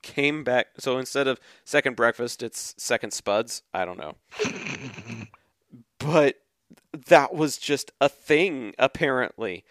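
Animated man with a lively voice. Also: medium pitch, slow pace, dry recording, studio quality. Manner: animated, laughs often, acts out quoted kids loudly. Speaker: podcast co-host. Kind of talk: casual chat, reading tweets aloud.

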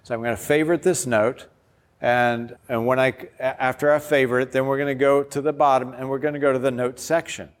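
Enthusiastic pastor in an echoey hall. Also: male voice, mid-range voice, steady tone, fairly quick. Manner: enthusiastic, informal, demonstrating step by step. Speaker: pastor presenting a discipleship app. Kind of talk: workshop presentation. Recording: long hall reverb.

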